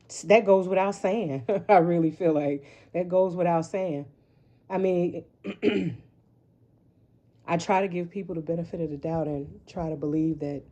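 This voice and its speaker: Over dull-sounding audio, a woman with a low, warm voice rambles through a casual tarot reading. She's blunt and profane, repeatedly asking "right?" without waiting for an answer.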